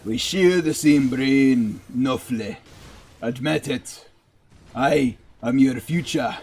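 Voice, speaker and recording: A man's voice: mid-range voice, slow, gravelly, a little mellow, slightly rough, full character voice. A man voicing his own smug male future self, mock-ominous with an attempted Irish lilt. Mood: teasing. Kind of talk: streamer putting on a voice.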